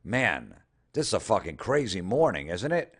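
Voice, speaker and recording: Husky and lowish, this man's voice is very animated at a moderate pace. As a comedian host, he reads out social media posts with incredulous, sarcastic commentary and a lot of profanity.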